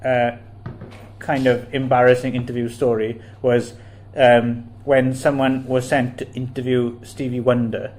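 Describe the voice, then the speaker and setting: A man trading casual podcast banter in a mid-pitched voice. His humour is dry and teasing, and he openly doubts the stories he is told. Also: flat delivery, a little slow, darkish tone. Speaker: podcast co-host. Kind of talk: casual chat.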